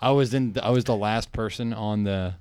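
A man's voice: fairly low pitch, fairly quick, a little mellow, clear, resonant tone, no echo. A young adult man, a comedy podcast co-host, telling a rambling story in casual chat and acting out the lines of the people in it. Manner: rambling, laughing, acts out quoted lines.

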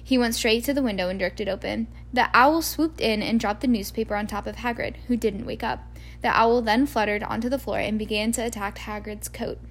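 A woman's voice: a little high, fairly even intonation, brisk. Woman reading a storybook aloud. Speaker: reader. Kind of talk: amateur audiobook reading.

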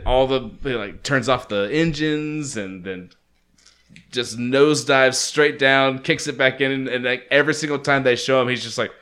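Bright, forceful male co-host, casual movie chat, laughs often, mumbles at the ends of sentences. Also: mid-range voice, unhurried, clean tone. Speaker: podcast co-host.

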